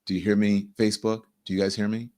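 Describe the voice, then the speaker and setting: Animated man hosting a commentary show. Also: fairly low pitch, quick pace. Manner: animated, repeats phrases for emphasis, addresses viewers directly. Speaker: show host. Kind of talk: live political commentary monologue.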